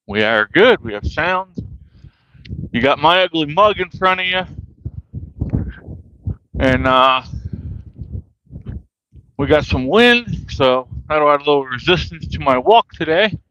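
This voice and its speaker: A man's voice: fairly high pitch, expressive, takes it slowly, long pauses, sharp tone, dry recording, dull audio. A man walking outdoors in the cold wind, talking to his livestream from a handheld phone and ranting angrily with lots of swearing. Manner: casual folksy talk with y'all. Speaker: vlogger. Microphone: handheld phone at arm's length.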